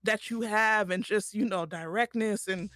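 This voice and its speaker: A woman's voice: mid-range voice, normal speed, a bit bright, no room sound, clean studio sound. A woman streamer, talking tearfully and affectionately to her friends in casual chat.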